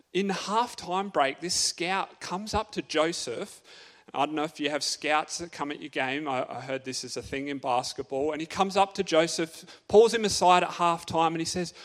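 A man's voice: fairly high pitch, fairly bright tone. A man giving a youth sermon as a playful story, asking his audience lots of questions. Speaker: youth speaker.

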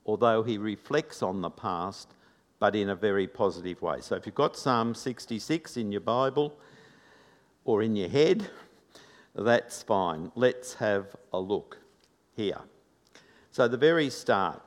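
A man preaching a sermon in a slow, reflective, measured way. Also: lowish voice, lively intonation. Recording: long reverb of a large hall.

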